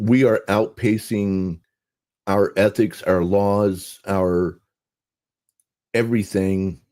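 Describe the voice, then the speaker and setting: An older man and podcast guest, explaining in a measured way that often trails off softly. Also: sits low. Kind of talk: casual podcast conversation.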